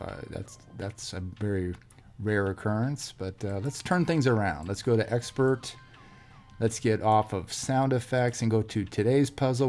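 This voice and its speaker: Male host, low-ish voice, slow casual puzzle chat with fillers. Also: darkish tone. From USA. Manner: thinking aloud, many fillers and restarts. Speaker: crossword solver host. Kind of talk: casual solo puzzle commentary.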